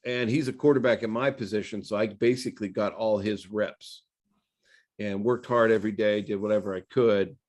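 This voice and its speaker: Low-voiced former quarterback telling stories. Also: male voice, normal speed. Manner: relaxed, conversational, many fillers. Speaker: former NFL quarterback, guest. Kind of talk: casual storytelling interview.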